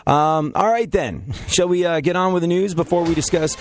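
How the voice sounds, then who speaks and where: Rambling, jokey New York host. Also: male voice, fairly high pitch, normal speed, a little hiss or hum. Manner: rambling and jokey, many fillers and restarts. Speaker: show host. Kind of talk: comedic casual chat.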